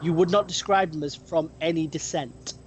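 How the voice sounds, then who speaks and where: A game master narrating a tabletop role-playing game, pausing often with ums and restarts. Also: medium pitch, steady tone, slight background noise, low-quality recording. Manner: hesitant, many ums and restarts.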